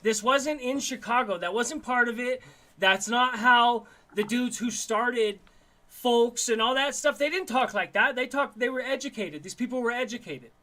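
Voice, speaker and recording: High bright-voiced man rambling on a live stream. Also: normal speed. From Denver, Colorado. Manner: rambling, repeats words and restarts often, slangy. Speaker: livestream host. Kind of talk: casual live stream chat.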